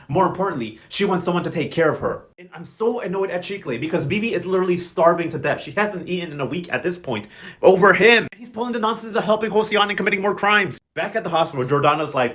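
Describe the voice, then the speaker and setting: Sassy, fast-talking young man. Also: on the high side. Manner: sassy, animated, quick quoting with exaggerated voices. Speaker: recap host. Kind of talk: casual commentary.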